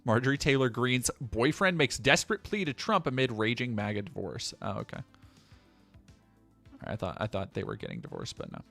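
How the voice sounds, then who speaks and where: A man's voice: medium pitch, sing-song, moderate pace, creaky, fairly bright tone, soft background music. A man streaming, reading news headlines aloud and reacting with sarcastic asides. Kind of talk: casual stream commentary.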